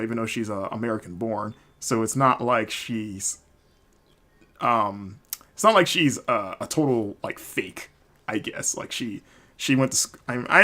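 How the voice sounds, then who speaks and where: A man hosting his own recap podcast talks in a loose, rambling way, filling his sentences with "like" and "you know." His pitch sits in the middle range for a man. He sounds relaxed and unscripted. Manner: rambling, filler-heavy casual talk. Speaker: podcast host. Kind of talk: solo wrestling recap podcast.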